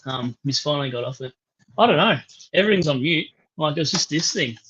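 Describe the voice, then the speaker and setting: An Australian man co-hosting a live stream, easygoing and quick with banter. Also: a little high, animated, a bit bright, husky, highs cut off. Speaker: co-host. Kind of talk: casual live stream chat.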